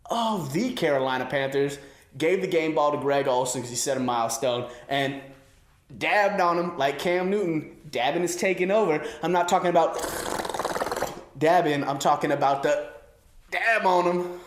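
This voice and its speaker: Joking, slangy young man in an echoey room. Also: on the high side. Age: 20s. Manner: loose, joking, slangy riffing. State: a little winded. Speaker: host. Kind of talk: stand-up sports comedy. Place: room with an audience.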